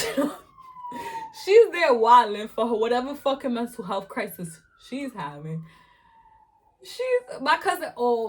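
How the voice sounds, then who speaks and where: Young woman vlogger, twenties; animated, profane storyteller who laughs a lot while eating on camera. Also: on the high side, a little hiss or hum.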